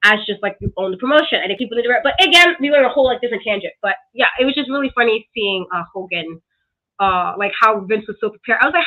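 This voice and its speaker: A woman talks wrestling in an animated, sarcastic rant. Her voice sits high, and it comes through thin and tinny, like a video call. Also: fast talker. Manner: animated, ranting, sarcastic asides. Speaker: wrestling reviewer. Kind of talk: casual review chat. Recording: tinny phone-like call audio.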